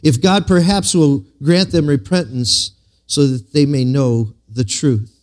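A male pastor giving a sermon, telling a story and swinging from slow emphatic lines to quiet asides. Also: on the high side, animated.

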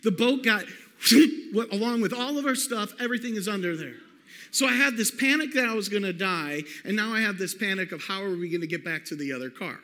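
A man preaching a sermon, telling a personal story in an animated way and calling out to the congregation. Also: sits high, brisk. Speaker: pastor. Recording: long hall reverb.

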